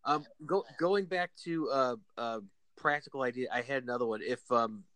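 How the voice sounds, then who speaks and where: A man co-hosting a podcast in casual chat, halting and hesitant. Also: medium pitch, a bit bright, no echo. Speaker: podcast co-host.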